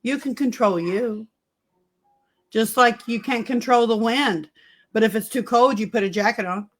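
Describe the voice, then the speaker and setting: A woman's voice: a little high, measured pace. Candid storytelling middle-aged woman. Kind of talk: casual chat.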